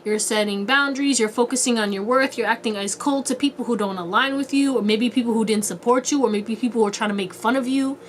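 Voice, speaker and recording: A woman's voice: fairly high pitch, fast talker, few pauses, slight background noise. A woman giving a casual tarot reading to her viewers, playful and chatty with a lot of slang and frequent laughter. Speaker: tarot reader.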